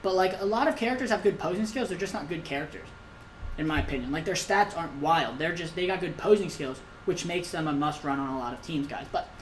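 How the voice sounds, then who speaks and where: A woman's voice: low-pitched, fast talker, background noise. A woman giving casual gameplay commentary as a YouTuber, ranting with lots of repetition and the odd swear. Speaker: gaming YouTuber.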